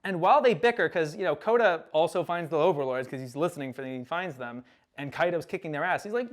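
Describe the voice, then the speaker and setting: A young man giving a casual recap lecture, animated, acting out characters' lines with sudden loud outbursts. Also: fairly high pitch, fast talker.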